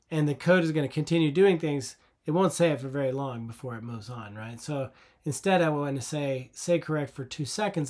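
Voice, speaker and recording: A man teaching a coding lesson over a screen recording, patient and conversational, often asking the viewer rhetorical questions. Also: on the high side.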